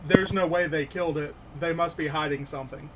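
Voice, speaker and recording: A man voicing a wounded, fearful male goblin survivor who speaks in broken, halting phrases. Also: a little high, fairly even intonation, noisy background, close to an everyday voice. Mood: astonished.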